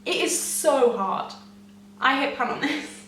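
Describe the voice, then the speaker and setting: A young woman gushing excitedly to camera as a beauty vlogger, chatty and often laughing. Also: high-pitched, unhurried, a little hiss or hum. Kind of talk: casual chat to camera. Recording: echoey room, mic at a distance.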